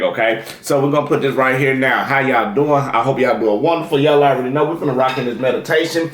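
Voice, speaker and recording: A man giving a tarot reading and leading a guided meditation, speaking directly to his viewers with drawn-out, emphatic calls. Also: mid-range voice, a bit bright. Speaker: tarot reader. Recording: echoey room.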